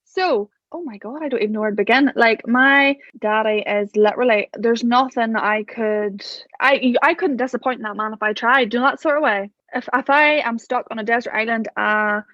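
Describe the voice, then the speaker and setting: Woman guest, chatty storyteller, fairly high pitch, dull close recording. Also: moderate pace, few pauses, fairly bright tone, dry recording. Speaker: podcast guest, business owner. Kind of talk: casual chat.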